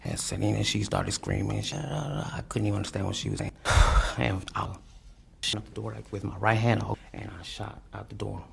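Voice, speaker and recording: A man on the stand in a courtroom, his low voice full of fry and a heavy husk. He stumbles and restarts, repeating words as he works through his account. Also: expressive. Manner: halting, repeats words, says "you know what I'm saying". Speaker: defendant testifying. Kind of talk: courtroom testimony.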